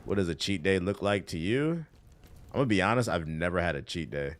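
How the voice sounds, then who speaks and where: Lively low-voiced D.C. man streaming. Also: brisk. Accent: Washington, D.C. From Washington, D.C. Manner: loose, profane slang, answering chat while playing. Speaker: livestreamer. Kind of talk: casual gaming stream chat.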